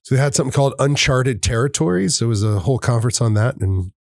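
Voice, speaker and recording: Man, podcast guest, easygoing, medium pitch, dry sound. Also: lively intonation, quick pace, creaky, a little mellow, dry recording. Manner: easygoing, laughs readily. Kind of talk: casual interview chat.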